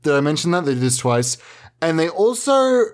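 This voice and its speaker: A man doing a deadpan, rambling comedy monologue full of absurd made-up explanations. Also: a little high, moderate pace.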